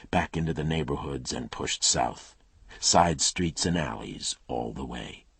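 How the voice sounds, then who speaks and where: A man's voice: extremely low pitch, fairly bright tone, husky, no room sound. A man narrating a crime thriller audiobook in a clipped, tense style.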